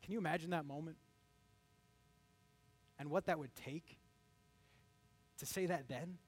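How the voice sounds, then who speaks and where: A man preaching a sermon in a high, bright register. He talks in an animated way and briefly acts out the voices he quotes, then drops back into teaching. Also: measured pace, husky. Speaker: pastor.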